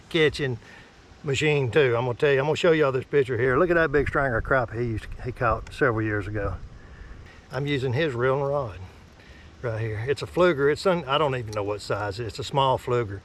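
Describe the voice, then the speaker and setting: A man's voice: mid-range voice, normal speed, slight background noise. Folksy Southern man fishing from a boat. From North Alabama. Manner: folksy, chatty, excitable. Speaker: fishing vlogger. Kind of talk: casual outdoor fishing vlog. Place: small boat on a creek outdoors.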